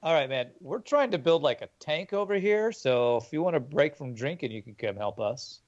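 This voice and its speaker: A man's voice: on the high side, animated, moderate pace. A man playing in a tabletop game, easygoing and laughing often. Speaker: player. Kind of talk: casual tabletop play. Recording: dull, lo-fi mic.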